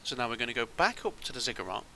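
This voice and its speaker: Bright-voiced man rambling through gameplay. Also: medium pitch, big pitch swings, racing, creaky, slight background noise, poor audio. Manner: rambling, thinks aloud with ums and restarts. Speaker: gaming channel host. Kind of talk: casual gameplay commentary.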